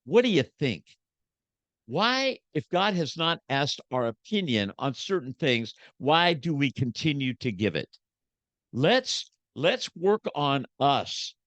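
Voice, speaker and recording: A man's voice: mid-range voice, no echo. A man in his seventies, a guest preacher, speaking with emphatic, sermon-like passion in a podcast conversation. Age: 70s. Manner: emphatic, preachy, swings loud to soft.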